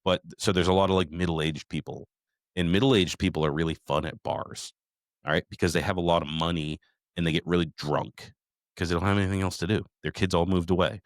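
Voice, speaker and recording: A man's voice: deep voice, steady tone, fairly quick, no echo, studio quality. A middle-aged man hosting a podcast, rambling through a profane, casual story recap. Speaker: podcast host.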